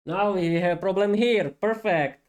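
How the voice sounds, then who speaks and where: Guy teaching english on a stream, kinda high voice, slow and stop-start, laughs a lot. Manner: halting, laughs often, restarts sentences. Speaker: English teacher and podcast host. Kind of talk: casual live-stream lesson.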